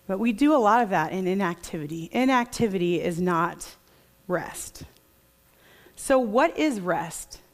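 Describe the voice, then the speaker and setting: A woman preaching a sermon to a congregation in a conversational way, reading scripture quietly and reflectively. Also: medium pitch, lively intonation, a little slow.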